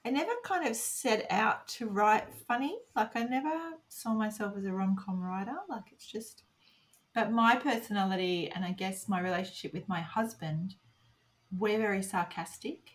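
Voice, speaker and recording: A woman's voice: medium pitch, moderate pace. A woman with an Australian accent, a guest author chatting in a casual podcast interview, giggly and sarcastic as she tells stories.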